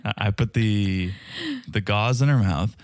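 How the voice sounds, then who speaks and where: A man's voice: lowish voice, a little slow, no room sound, clean studio sound. A man co-hosting a casual podcast, joking and teasing with lots of laughter. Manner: jokey, teasing, laughs often. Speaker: podcast co-host.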